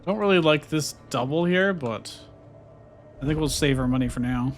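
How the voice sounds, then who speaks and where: A man's voice: fairly high pitch, moderate pace, faint music behind. A man giving casual let's-play commentary, thinking aloud and musing over his choices with fillers. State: hiccuping. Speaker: gameplay streamer.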